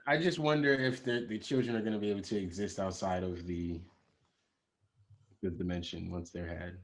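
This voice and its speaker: A man's voice: deep voice, fairly even intonation, brisk, slight background noise. A man co-hosting a podcast, chatting in a laid-back, agreeable way with plenty of slang. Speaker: podcast co-host. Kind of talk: casual podcast chat.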